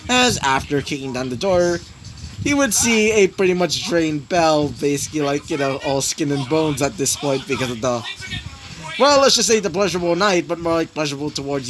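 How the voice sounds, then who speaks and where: A young man narrates a fan story off the cuff. His voice sits fairly high, and he rambles through his fillers as he finds the next beat. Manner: rambling, full of 'you know' and 'basically'.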